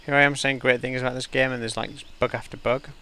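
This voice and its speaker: A man talks through his game session in a loose, chatty way, reacting aloud and getting easily excited. His voice has a bright edge with a gravelly fry underneath, and the pitch sits in a middle range for a man. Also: fast talker, a little hiss or hum. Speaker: gamer. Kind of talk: let's play commentary.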